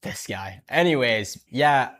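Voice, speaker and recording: A man's voice: medium pitch, expressive, slow, a bit bright, dry recording, studio quality. A young man co-hosting a podcast, laid-back and enthusiastic, using lots of casual slang. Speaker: podcast co-host. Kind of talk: casual chat.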